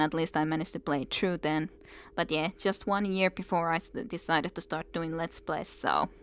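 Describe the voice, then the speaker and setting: A woman's voice: fairly low pitch, gravelly, clear, resonant tone. A woman streaming a game, chatting casually and reading game text aloud. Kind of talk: casual gameplay commentary.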